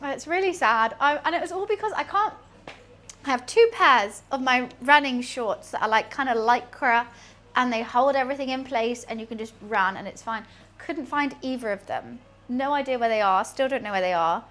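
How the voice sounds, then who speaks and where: A woman's voice: on the high side, normal speed, fairly bright tone. A young British woman streaming, chatting casually and rambling while she cooks, laughing often. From United Kingdom.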